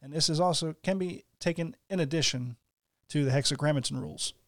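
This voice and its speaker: A man's voice: a little high, fairly quick, fairly bright tone, no echo, studio quality. A man co-hosting a casual podcast, reading game rules aloud with asides and laughing easily. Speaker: podcast co-host.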